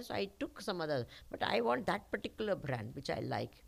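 A spiritual teacher with an Indian accent giving a talk to a live audience, asking rhetorical questions and pausing for the answers. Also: female voice, sits low, animated, gravelly. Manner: questioning, rhetorical, uses call-and-response.

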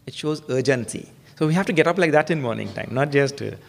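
A man's voice: quick pace, creaky, few pauses. A man giving a humorous sermon as a spiritual teacher, telling stories and acting out quotes with emphatic stress. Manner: humorous storytelling with acted quotes; emphatic, rising pitch for stress.

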